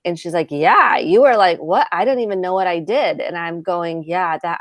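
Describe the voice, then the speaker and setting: Woman therapist, lowish voice, dry close sound, calm explainer on a video call. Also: normal speed, hardly any pauses, no echo. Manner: calm explaining, acts out example dialogue.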